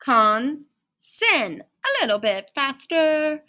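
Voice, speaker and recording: A woman's voice: sits high, sing-song, slow, pushed and bright. A woman teaching a phonics lesson to children in a singsong, encouraging way. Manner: singsong, encouraging, talks to young learners.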